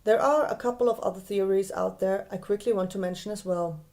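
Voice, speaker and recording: German woman, mellow and deliberate. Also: medium pitch. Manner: clear, careful, slows down to spell out German words. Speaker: podcast host. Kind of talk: scripted explanatory monologue.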